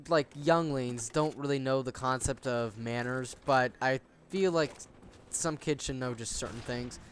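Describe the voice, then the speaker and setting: A man's voice: on the high side, slight background noise. A young man in his late teens tells stories during casual gameplay commentary. He rambles, swears a lot and often restarts his sentences. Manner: rambling, profane ranting with many restarts. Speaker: gaming channel host.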